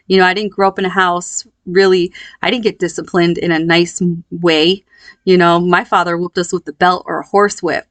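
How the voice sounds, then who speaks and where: A woman in her thirties telling a personal story in a candid, reflective, unhurried way. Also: on the low side, fairly bright tone, no echo. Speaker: vlogger.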